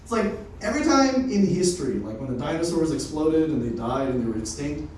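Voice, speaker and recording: Recorded distantly in an echoey open mic room with a touch of background noise, a young stand-up comic rattles off loose, profane stories for laughs. His voice runs on the high side and a little fast, darkish in tone, with big pitch swings.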